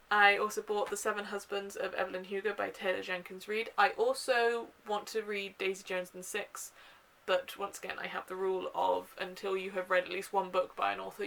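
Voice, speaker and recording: A young woman talking casually to her camera at home, chatty and enthusiastic, filling pauses with ums and uhs. Her pitch sits in a middle range. A faint hiss runs under the recording. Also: little pitch movement, creaky, fairly bright tone, poor audio. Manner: chatty and gushing, with frequent fillers. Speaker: book vlogger. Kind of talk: casual book haul chat.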